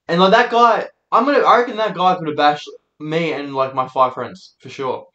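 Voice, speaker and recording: A man's voice: on the high side, normal speed, hardly any pauses, sharp tone, muffled recording. Sweary young guy telling stories. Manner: rambling, sweary, laid-back anecdotes. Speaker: host. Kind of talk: casual storytelling monologue. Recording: echoey room.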